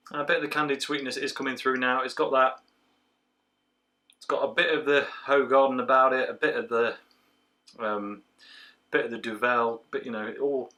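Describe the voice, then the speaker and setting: A man giving a casual beer review from home, chatty and relaxed, with plenty of filler sounds. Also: mid-range voice. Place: at home, indoors.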